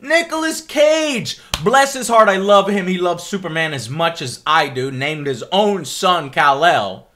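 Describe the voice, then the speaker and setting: High bright-voiced man ranting. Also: animated, measured pace, few pauses, slight background noise. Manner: exasperated, heavy swearing, repeats himself. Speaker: vlogger. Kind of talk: angry rant to camera.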